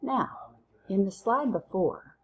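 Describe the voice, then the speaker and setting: A woman teaching a recorded lesson through counting drills, playful and quick to use silly memory tricks. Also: medium pitch, animated, husky, dull audio. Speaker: Spanish teacher.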